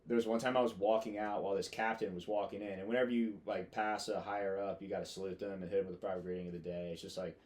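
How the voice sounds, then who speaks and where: This podcast guest, a young American Marine officer in his twenties, talks rapid-fire with barely a pause, his low voice steady and darkish. His storytelling chat is rambling, full of fillers and loose with profanity.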